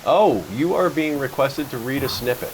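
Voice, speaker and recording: A man hosting a podcast, telling stories in a relaxed, joking way and poking fun at himself. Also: medium pitch, moderate pace, a crowd in the background, low-quality recording. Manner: chatty storyteller, jokes about himself. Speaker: podcast host. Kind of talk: casual chat.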